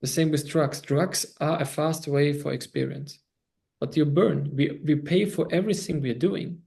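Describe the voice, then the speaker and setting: A man speaks reflectively over a video call, laying out his thoughts in short, measured phrases. His voice sits a little high for a man and has a gravelly, rough texture. He sounds like a seminar teacher sharing hard-won lessons. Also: steady tone, a little mellow. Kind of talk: casual online conversation.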